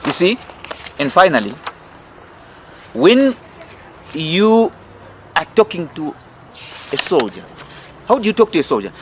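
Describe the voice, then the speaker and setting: A man's voice: fairly high pitch, sing-song, measured pace, long pauses, slight background noise. A middle-aged Zimbabwean man with a Zimbabwean accent, a political campaign leader giving a fiery, emphatic, rhetorical interview. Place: outdoor restaurant in city gardens.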